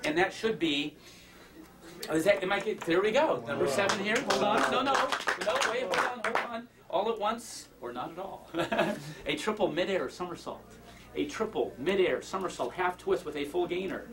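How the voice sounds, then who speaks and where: A man with a high, animated voice performs comic magic patter on stage at normal speed, bantering with the audience and mocking himself in asides. Recorded from a distant mic, the clip is full of loud crowd noise.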